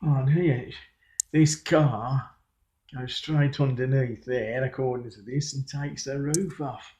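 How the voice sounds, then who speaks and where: An older man with a Brummie accent chats casually over old pictures in a video he sent in, reminiscing as he goes. His mid-range voice is warm and steady, and he takes things slowly.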